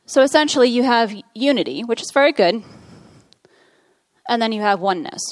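A woman's voice: a little high, lively intonation, fairly quick, no echo. A woman preaching a sermon, reading scripture aloud and explaining it in an earnest teaching manner with frequent fillers.

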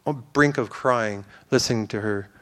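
A man's voice: medium pitch, moderate pace, a bit bright. A man giving an informal, earnest sermon to a church, rambling with fillers and restarts. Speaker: preacher.

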